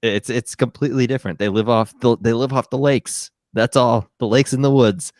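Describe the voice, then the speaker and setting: A man's voice: mid-range voice, fairly even intonation, fairly quick, darkish tone, no room sound, clean studio sound. A man from Minnesota, a guest on a podcast, chatting casually and teasing the hosts. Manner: joking, playful teasing. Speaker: podcast guest, fantasy football analyst.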